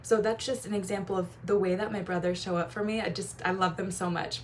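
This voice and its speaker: A woman's voice: medium pitch, fairly even intonation, a little hiss or hum. A young woman who coaches on relationships, talking to camera in a casual, gushing way with frequent light laughs. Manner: warm, gushing, quick laughs and playful quoted voices. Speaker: feminine energy coach.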